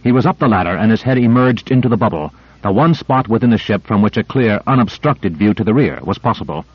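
A man reading an audiobook in a steady, measured narration. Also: on the low side, husky, no echo, muffled recording. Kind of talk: scripted narration.

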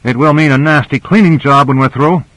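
A man's voice: a little high, fairly quick, fairly bright tone, no room sound, pitched above the performer's own voice, close to an everyday voice. A man plays a matter-of-fact male pilot in a raised voice. The reading is dry and close, as in an audiobook.

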